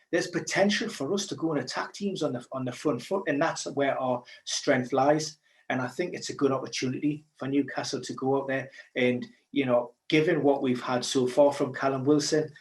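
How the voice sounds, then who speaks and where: A man with a Geordie accent chatting casually as a podcast co-host, animated and joking. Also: mid-range voice, reverberant. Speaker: podcast co-host, football pundit.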